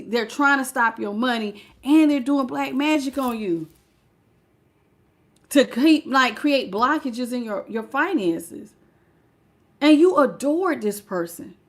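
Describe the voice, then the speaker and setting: Woman reading tarot live, pretty high voice, gets emotional. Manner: emotional, expressive, greets live chat. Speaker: tarot reader.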